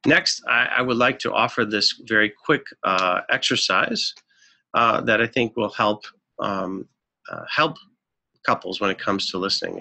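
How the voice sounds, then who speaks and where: Bright-voiced man counseling couples in a webinar. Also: fairly low pitch, creaky. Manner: earnest, instructive, frequent fillers. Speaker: marriage counselor presenting a webinar. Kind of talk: webinar presentation. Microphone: webinar microphone.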